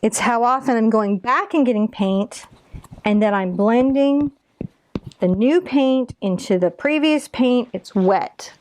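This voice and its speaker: A woman's voice: on the high side, slow pace, a little mellow. A woman in her forties teaching a live painting lesson, chatty and encouraging as she talks through each brush stroke. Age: 40s. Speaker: painting instructor.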